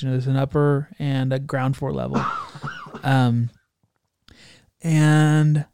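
A man's voice: medium pitch, a little mellow, no echo, studio quality. A young man in casual chat, animatedly telling a funny travel story and acting out the people in it.

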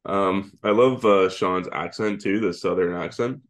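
A deep-voiced man co-hosting a podcast speaks unhurriedly, recapping the plot at length in casual chat, laughing and letting the odd swear word slip.

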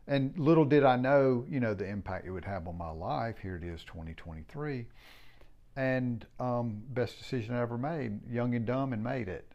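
A middle-aged man who owns a home building company talks casually and reflectively, rambling frankly and swearing now and then. His voice is medium-pitched at a normal speed, and the audio sounds dull.

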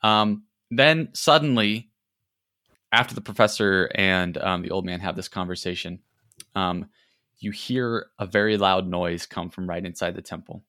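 A man's voice: low-pitched, a little slow, pushed and bright, no room sound, clean studio sound. A man narrating a tabletop game as game master, casual, with frequent ums and restarts.

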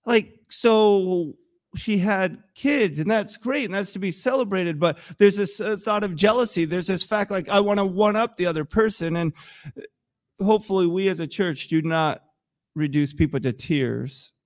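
Animated high-voiced young male preacher. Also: normal speed. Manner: animated, conversational, joking asides. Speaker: pastor. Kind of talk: sermon.

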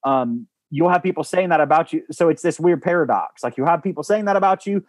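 A man's voice: on the high side, brisk, no echo. A man talking about coaching in a podcast conversation, earnest and rambling, with many restarts and fillers. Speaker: guest, former baseball coach.

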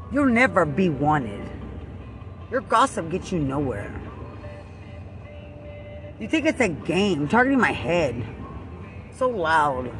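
A man with a high voice delivering a furious, repetitive rant, hurling accusations and curses. He talks outdoors in a built-up area, with clear music playing behind him. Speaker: person ranting at someone. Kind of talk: angry confrontational rant.

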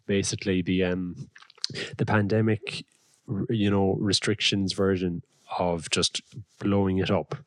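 A young Irish man with a fairly low voice spins wry stories in podcast banter. His lively delivery is heard up close and dry. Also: a little slow, dry recording. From Ireland. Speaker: podcast co-host. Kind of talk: casual banter.

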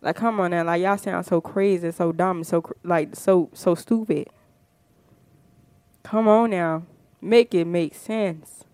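A woman's voice: fairly low pitch, fairly even intonation, a little slow, darkish tone, clear, resonant tone, no room sound. A woman hosting a podcast, talking in a fired-up, emphatic casual monologue full of rhetorical questions. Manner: fired-up, emphatic, frequent "you know what I'm saying". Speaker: podcast host.

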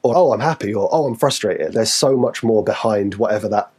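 A man with a Geordie accent chatting casually as a fitness podcast co-host, acting out quotes in sudden high voices. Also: brisk, slightly rough. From Newcastle, England. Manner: animated, acts out quotes with sudden high pitch. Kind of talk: casual chat.

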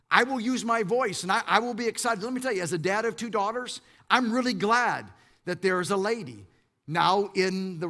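A middle-aged man, preaching a lively sermon as pastor, often repeating words when he gets going. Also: high voice. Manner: lively, repeats words when fired up, mock-quotes the congregation.

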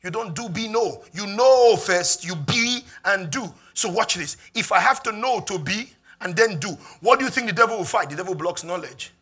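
A man with a Nigerian accent preaching a sermon as pastor, emphatic and repetitive, building up to shouts. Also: sits high, animated, normal speed, hardly any pauses, breathy edge.

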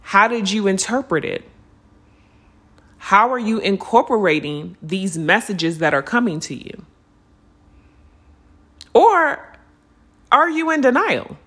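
A woman's voice: medium pitch, breathy edge. A woman hosting a spiritual podcast, talking casually and earnestly to her listeners, calling them y'all and unicorns. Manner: earnest and lively, stretching words when urging listeners to slow down. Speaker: podcast host. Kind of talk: reflective spiritual podcast monologue.

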